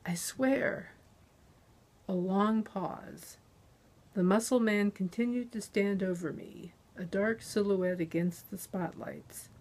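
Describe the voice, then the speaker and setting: Slow, unhurried woman narrating an audiobook. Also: mid-range voice, fairly even intonation, darkish tone. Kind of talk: first-person audiobook narration.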